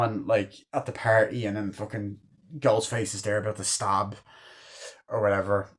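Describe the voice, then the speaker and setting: A man's voice: fairly low pitch, level tone, normal speed. A man in his twenties reviewing a movie in a casual, rambling way, full of filler words and casual cursing. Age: 20s.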